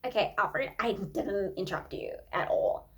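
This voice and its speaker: A woman's voice: mid-range voice, expressive, normal speed, fairly bright tone, lightly acted. A woman voicing a vain, dramatic young female influencer who thinks she can sing, talking in a self-absorbed, giggly way. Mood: defensive. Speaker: improv comedian. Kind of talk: improvised comedy podcast.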